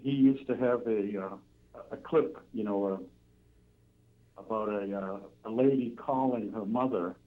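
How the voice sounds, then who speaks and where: A man's voice: on the low side, a little slow. An older male caller telling a long, rambling story and stopping often on fillers. His voice comes down a thin, tinny phone line. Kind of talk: phone-in anecdote.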